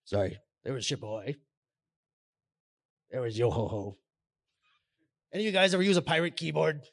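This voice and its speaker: A man giving a playful live talk on stage, coaxing his audience through pirate-voice warm-ups. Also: mid-range voice, very animated, moderate pace, vocal fry. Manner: hammy pirate-voice delivery, coaxing the crowd. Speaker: conference speaker.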